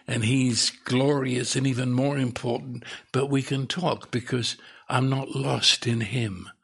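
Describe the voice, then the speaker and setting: A male preacher with a gravelly, husky voice delivers an unhurried sermon. He repeats words for emphasis and lifts his pitch as his excitement builds.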